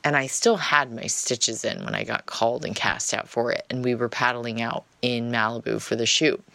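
A woman's voice: extremely low pitch, steady tone, normal speed, gravelly, fairly bright tone, no room sound. A woman telling a personal story in a casual, chatty monologue, often dropping "like" as filler.

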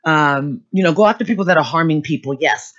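A woman's voice: sits low, a little fast, fairly bright tone. A woman co-host in casual chat, rambling with many fillers. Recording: dull lo-fi sound.

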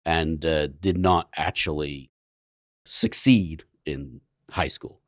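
A man's voice: rumbling low, slow, no echo. A middle-aged man from England with a mid-Atlantic English accent, a guest scientist answering with dry, self-deprecating humor. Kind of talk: casual interview.

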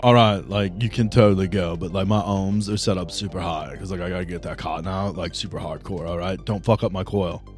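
A man's voice: low-pitched, fairly even intonation, a little fast, few pauses, soft background music, pitched below the performer's own voice, natural voice. A man voicing a laid-back young stoner bro who keeps saying "like" and "bro" in a surfer drawl. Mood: easygoing.

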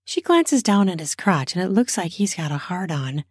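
A woman's voice: lowish voice, animated, moderate pace, husky, dry recording, clean studio sound. A woman improvising an erotic story off the cuff, narrating in a spontaneous, conversational way.

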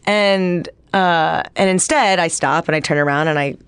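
A woman's voice: fairly low pitch, normal speed, clear, resonant tone, dry recording. A young woman actress telling stories in a casual chat, with lots of laughs and fillers. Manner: animated storytelling, laughs often, many fillers. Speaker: actress and guest.

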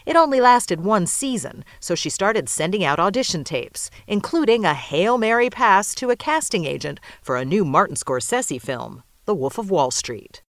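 Lively woman narrating a news feature. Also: mid-range voice, moderate pace, few pauses, dry recording, studio quality. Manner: lively storytelling delivery. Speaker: correspondent.

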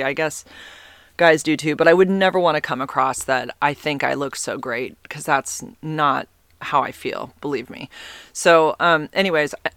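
A woman's voice: low voice, a bit bright, no echo. A woman in her forties telling a rambling dating story in a casual vlog, full of fillers and asides. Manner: chatty, rambling, lots of fillers and self-interruptions. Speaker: vlogger.

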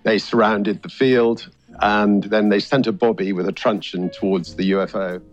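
A man talking as an interview guest, telling a story in a relaxed, amused way. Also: lowish voice, normal speed, lo-fi sound, faint music behind. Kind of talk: anecdotal interview talk.

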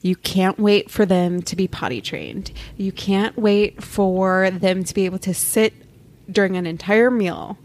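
A calm, candid woman co-hosting a podcast, talking reflectively about parenting her young kids. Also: medium pitch, a little slow. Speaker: podcast co-host. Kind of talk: casual podcast chat.

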